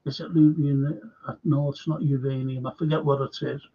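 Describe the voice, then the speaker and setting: A man's voice: mid-range voice, little pitch movement, a little fast, mellow. A man hosting a casual current-affairs livestream, rambling, reading viewer comments aloud and trailing off mid-sentence. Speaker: livestream host. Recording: dull lo-fi stream audio.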